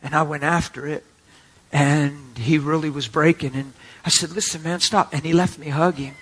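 A man preaching a sermon to a congregation, telling a story in an animated way and acting out the voices of the people in it. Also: fairly high pitch, moderate pace, breathy edge. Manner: animated, acts out quoted voices. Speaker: pastor. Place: church before a live congregation.

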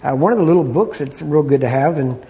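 A man teaching an informal Bible study, talking conversationally, repeating himself and often clearing his throat. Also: fairly high pitch, quick pace, mellow.

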